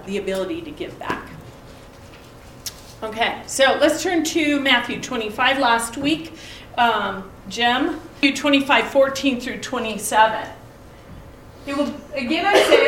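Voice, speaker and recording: A woman's voice: mid-range voice, fairly bright tone, slight background noise. Middle-aged woman teaching in an echoey room. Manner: asks listeners pointed rhetorical questions, tells family anecdotes. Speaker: Bible study teacher. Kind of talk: conversational Bible lesson. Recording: echoey room, mic at a distance.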